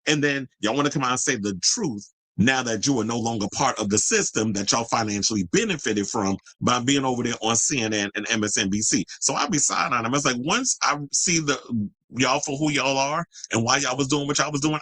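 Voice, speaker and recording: A man's voice: mid-range voice, fairly quick, fairly bright tone, no room sound, rough recording. A man hosting a commentary livestream, talking bluntly and combatively to his viewers, heavy with profanity and answering chat comments. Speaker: host of a pop culture commentary channel.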